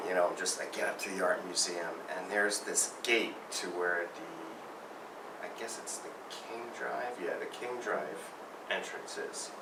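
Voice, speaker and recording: A man telling a rambling, self-mocking story about a near-miss on his bike. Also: sits low. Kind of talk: personal storytelling. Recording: roomy, distant mic, faint noise.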